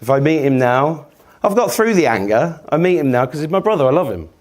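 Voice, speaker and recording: An English man in his fifties tells rambling, profane stories. His pitch leaps around, and it sits a little higher than most men's. He jokes his way through the talk and laughs along as he goes. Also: very animated, a little fast. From England. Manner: sweary, rambling, jokey, laughing. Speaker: speaker. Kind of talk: casual storytelling talk.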